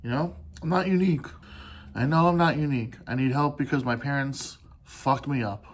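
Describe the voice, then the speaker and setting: A man hosting a solo podcast, talking in an earnest, halting way with restarts and pauses, swearing casually as he opens up. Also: mid-range voice, a little hiss or hum. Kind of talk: candid solo podcast monologue.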